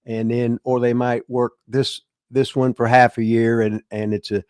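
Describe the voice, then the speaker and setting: An older man spins rambling stories in a casual live chat, his voice sitting in a middling pitch. He stops and restarts often, leaning on fillers and chuckling now and then. The sound is close and dry, with no room around it. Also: level tone, moderate pace, a little mellow, clean tone, dry recording. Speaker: host, veteran wrestler and former booker.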